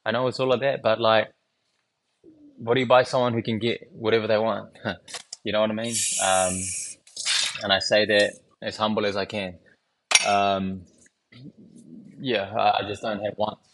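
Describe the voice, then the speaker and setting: A man's voice: lowish voice, level tone, normal speed, long pauses, fairly bright tone, a little hiss or hum. A young man telling a story on his solo podcast, loose and candid, swearing often and laughing between thoughts. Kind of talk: casual rambling storytelling. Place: small home podcast studio.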